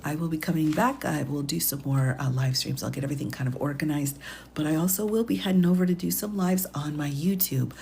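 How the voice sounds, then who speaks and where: Woman, attorney livestream host, low voice, gravelly, hushed late-night chat from home. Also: fairly quick, a little hiss or hum. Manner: hushed, with quiet chuckles.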